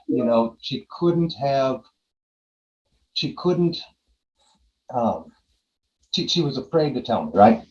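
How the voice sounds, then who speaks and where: A man's voice: medium pitch, sing-song, takes it slowly, pauses often, a little mellow, muffled recording. A man in his forties, a podcast guest, earnestly telling a personal story and re-enacting his own side of a conversation. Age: 40s.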